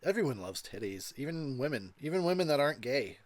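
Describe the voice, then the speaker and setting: A man's voice: medium pitch, very animated, brisk, no echo. A tipsy man giving rambling, crude commentary over a movie, laughing often. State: tipsy from drinking. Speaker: commentary host.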